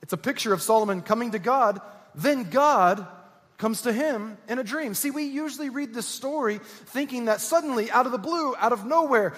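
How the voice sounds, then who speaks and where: High-voiced pastor preaching in a reverberant hall. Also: male voice, normal speed, fairly bright tone. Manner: earnest, emphatic preaching with repetition. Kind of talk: sermon. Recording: echoey church hall.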